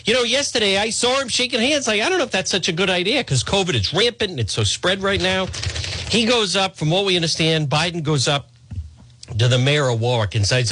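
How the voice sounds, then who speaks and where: A male talk radio host delivers a sardonic, mocking monologue and stops often to clear his throat. His voice sits a little high and bright, and it swings widely in pitch. He is recorded dry and close in a studio. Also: animated, fairly quick, dry recording.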